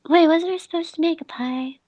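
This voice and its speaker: A woman co-hosting a casual podcast from a home mic, teasing the others with quick quips. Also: extremely high pitch, darkish tone. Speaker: podcast co-host.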